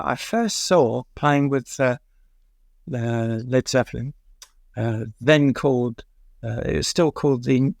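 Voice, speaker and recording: Gravelly older English storyteller. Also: male voice, mid-range voice, no echo, studio quality. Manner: rambling, many "uh" fillers, chuckles at his own stories. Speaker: music journalist guest. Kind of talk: anecdotal interview storytelling.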